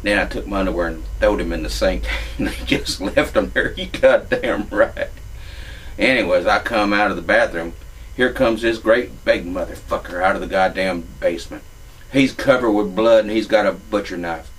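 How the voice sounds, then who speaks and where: A man's voice: low-pitched, normal speed, a bit bright, far from the mic, a little hiss or hum, rough recording. A man, telling a crude comic story in a profane, drawling redneck manner. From Louisiana.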